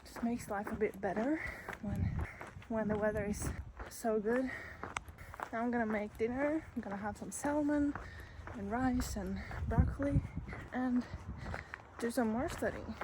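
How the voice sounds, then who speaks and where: A young woman in her twenties chats casually to her camera in a fairly high voice while she is out and about in the sun. Her tone is relaxed and easygoing. Steady outdoor noise sits clearly behind her. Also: unhurried. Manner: chatty, relaxed, talks while walking and moving. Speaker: vlogger. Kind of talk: casual vlog narration.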